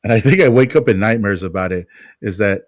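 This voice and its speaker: A man's voice: fairly low pitch, brisk, no room sound, studio quality. A man co-hosting a podcast, telling a self-mocking story about his work as a pest control technician.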